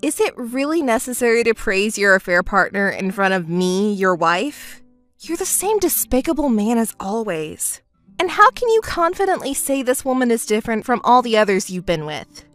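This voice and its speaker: A woman's voice: a little high, very animated, moderate pace, fairly bright tone, no room sound, faint music behind. Indignant woman narrating a text story. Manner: indignant, scolding. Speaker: narrator and wronged wife.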